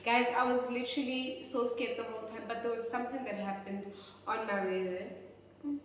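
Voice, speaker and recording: A woman's voice: on the high side, fairly even intonation, brisk. Chatty South African woman, echoey room. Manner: chatty, keeps addressing viewers as "guys". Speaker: vlogger. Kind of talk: storytime vlog. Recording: echoey room, far from mic.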